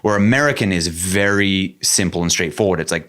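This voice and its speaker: An Australian man with a notably low voice, answering as a podcast guest. He talks in a loose, easygoing way, pausing on "um" as he works through his thoughts. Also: a bit bright. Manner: easygoing, thinks aloud with fillers. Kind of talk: casual conversation.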